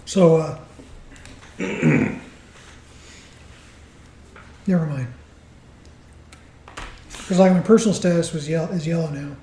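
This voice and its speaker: A man's voice: on the high side, moderate pace, long pauses, mellow, a little hiss or hum. A man playing in a tabletop game, talking hesitantly and thinking aloud. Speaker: player. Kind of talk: casual tabletop play. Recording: roomy echo, faint music.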